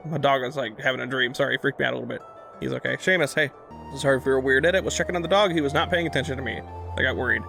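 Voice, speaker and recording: A man's voice: medium pitch, racing, creaky, faint music behind. Chatty man doing game commentary. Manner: chatty, filler-heavy, easily sidetracked. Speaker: gameplay host. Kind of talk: casual let's-play commentary.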